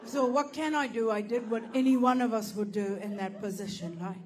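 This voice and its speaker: High-voiced woman doing stand-up. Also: fairly quick, a faint crowd, slight background noise. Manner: animated, profane, bursts into shouting. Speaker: stand-up comedian. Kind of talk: stand-up comedy storytelling.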